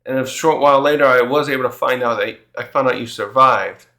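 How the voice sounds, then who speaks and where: A man's voice: mid-range voice, fairly quick, pushed and bright. Man thinking aloud in an echoey room. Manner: thinks aloud, paraphrasing dialogue in quotes. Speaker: manga reviewer and channel host. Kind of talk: casual chapter review commentary.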